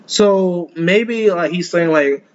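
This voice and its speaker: A man's voice: high voice, slow, slight background noise. Rambling young man with a slangy stammer. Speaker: anime reaction host. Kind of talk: casual reaction commentary. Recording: dull lo-fi sound with faint room ambience.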